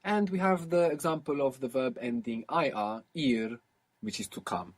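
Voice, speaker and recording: A man with a slightly husky, mid-pitched voice teaches a recorded language lesson. He explains patiently, pausing to repeat word endings and forms slowly. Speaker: language teacher on audio course.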